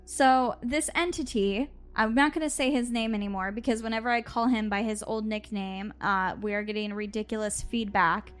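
A woman podcast host telling a story casually over a video call, animated, laughing and swearing as she goes. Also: a little high, moderate pace, hardly any pauses, clear, resonant tone, faint music behind.

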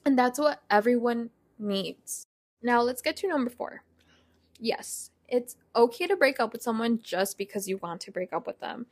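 A woman's voice: fairly high pitch, lively intonation, moderate pace, breathy edge. A woman in her twenties hosting a casual solo podcast, candid and chatty, swearing freely and using lots of fillers. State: out of breath. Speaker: podcast host. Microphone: podcast mic, partly faulty.

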